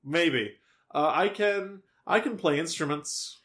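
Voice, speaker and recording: A man co-hosting a podcast, chatting loosely and reading the show's plugs. His voice sits slightly high. His humor is dry and offhand. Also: takes it slowly, a bit bright. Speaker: podcast co-host. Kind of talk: casual podcast banter.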